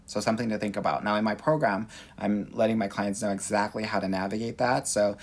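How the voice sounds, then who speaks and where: A sassy, animated man from Los Angeles with a Valley accent, a dating coach answering viewer questions on a livestream. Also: fairly low pitch, quick pace, hardly any pauses.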